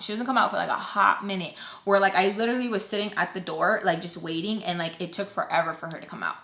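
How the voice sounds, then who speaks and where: A woman's voice: mid-range voice, quick pace, hardly any pauses, fairly bright tone, roomy sound. A young woman telling a storytime vlog in a casual rant, full of fillers and quoted back-and-forth. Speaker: vlogger.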